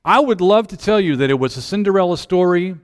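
Man pastor, lively storyteller, slightly high voice, long hall reverb. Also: fast, clear, resonant tone. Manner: animated storyteller acting out quoted voices. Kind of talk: storytelling sermon.

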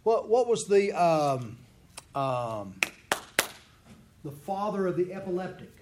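A man's voice: high-pitched, very animated, slow pace. A man leading a Bible study class, teaching in an earnest, conversational way and voicing prayers in the first person. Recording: echoey room with faint background noise.

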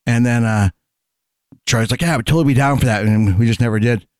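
A man's voice: medium pitch, fast talker, darkish tone, no echo. A man telling rowdy, profane stories in casual chat among friends. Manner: rowdy, profane storytelling with frequent laughs.

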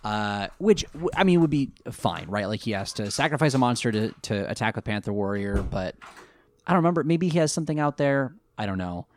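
A man co-hosting a casual recap chat, jokey and animated, breaking into goofy voices. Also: mid-range voice, fairly quick, slight background noise. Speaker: podcast co-host recapping an anime.

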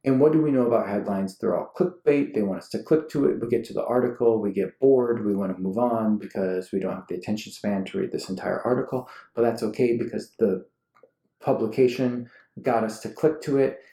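A man in his thirties co-hosting a casual podcast with his wife, talking in an animated way and getting worked up as he rants. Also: lowish voice, brisk. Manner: animated, ranting, gets worked up. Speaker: podcast co-host. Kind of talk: casual chat with spouse. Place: room at home. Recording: roomy home recording.

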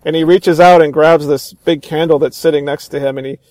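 A man's voice: fairly high pitch, steady tone, brisk, a little mellow, dry recording. A man chatting casually about a film he loves, eagerly retelling scenes, with many restarts. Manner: enthusiastic retelling, acts out quoted lines; frequent restarts and fillers.

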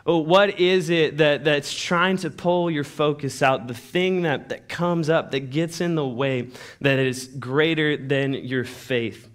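A young man preaching a sermon as pastor in a church, in a conversational, animated way with many restarts. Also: a little high, takes it slowly.

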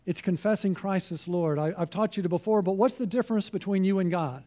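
High-voiced, mellow male pastor preaching. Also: a little fast. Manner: earnest, persuasive preaching with rhetorical questions. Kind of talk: sermon.

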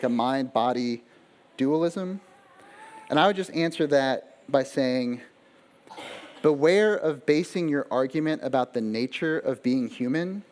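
A man preaching a sermon at a middle pitch, talking casually to his listeners. He checks in with them often, repeats a phrase to stress it, and shifts between slow, weighty phrases and quick asides. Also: a little mellow. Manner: conversational preaching with frequent rhetorical questions. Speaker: pastor.

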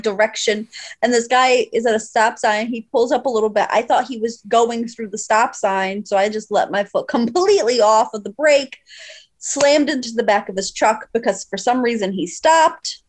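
A young woman on a podcast, chatting casually and acting out both sides of the dialogue as she tells a story. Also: a little high. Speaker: podcast co-host. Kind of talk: casual chat.

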